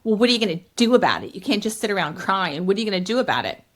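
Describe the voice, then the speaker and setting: A woman's voice: medium pitch, big pitch swings, rapid-fire. A woman putting on the voice of her blunt, dismissive teenage daughter. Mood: challenging.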